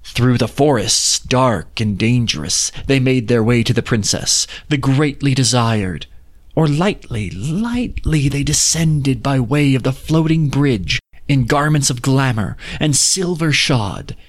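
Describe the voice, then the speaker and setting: A man reading an old fairy tale aloud in a measured, lyrical storybook manner. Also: medium pitch, lively intonation. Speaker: narrator.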